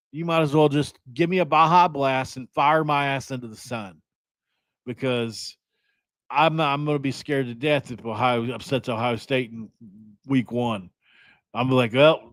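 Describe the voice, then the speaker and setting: A young man from West Virginia talks through a sports podcast with loose, rambling chatter and self-deprecating jokes. His voice sits at a middle pitch and is recorded close and dry, with no room sound. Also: dry recording. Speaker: podcast host. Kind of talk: casual sports podcast chat.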